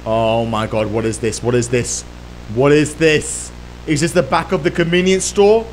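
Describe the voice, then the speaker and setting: A man's voice: medium pitch, fairly even intonation, moderate pace, a little hiss or hum. A man hosting a let's play, talking nervously to his viewers and stammering when spooked. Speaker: gaming video host.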